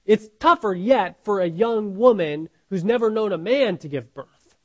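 A man's voice: sits high, expressive, normal speed, a little mellow, low-quality recording. A man preaching a Bible sermon in an earnest, questioning way, often restarting words and asking "right?".

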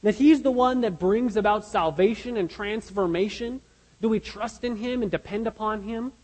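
A man's voice: high voice, moderate pace, a little mellow, big-room sound, low-quality recording. A man preaching a sermon as pastor, earnest and emphatic, asking his listeners rhetorical questions.

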